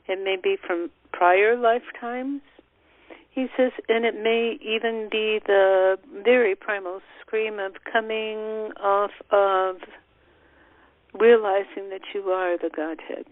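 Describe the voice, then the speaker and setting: A woman's voice: medium pitch, dry recording. Woman guiding breathwork over a tinny phone line. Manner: calm, slow instructions relaying a teacher's words. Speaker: spiritual teleconference host. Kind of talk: guided breathing meditation.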